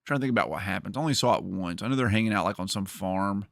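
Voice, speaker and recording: A man's voice: lowish voice, very fast, creaky, no echo, studio quality. A man hosting a livestream, chatting casually and rambling with jokes to his viewers. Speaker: streamer host.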